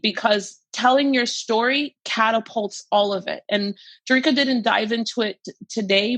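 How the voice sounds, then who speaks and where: A woman hosts a podcast with a gushing, emphatic delivery, circling back over the same phrases. Her pitch sits in the middle range, and the recording is dry and close. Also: fairly bright tone, no room sound. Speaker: podcast host. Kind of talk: casual podcast chat.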